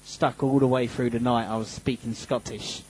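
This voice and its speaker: A man's voice: medium pitch, level tone, moderate pace, a little mellow, a little hiss or hum, rough recording. A man hosting a casual radio show, rambling with many fillers and restarts and joking about himself into a studio microphone. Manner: joking, self-mocking. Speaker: radio host.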